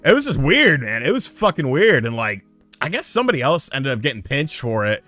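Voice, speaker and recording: Male streamer, casual profane storyteller; lively swooping pitch, dry close sound. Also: fairly quick, dry recording, faint music behind. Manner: profane, animated, acts out dialogue.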